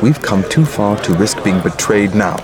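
An actor playing a cold, commanding lord who plots a conspiracy in a radio play. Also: male voice, lowish voice, animated, normal speed, a crowd in the background, lightly acted. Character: scheming male conspirator lord, cold and ruthless. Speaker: conspirator plotting a coup.

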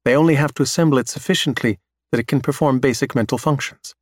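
A man reading a story aloud in steady, measured scripted narration. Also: mid-range voice, no room sound, studio quality.

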